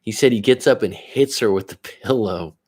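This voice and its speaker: Male coach, lowish voice, swears freely, rambles through an anecdote for a live stream. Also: moderate pace, a little mellow. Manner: rambling, profane, self-interrupting. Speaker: life coach. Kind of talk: casual storytelling on a live stream.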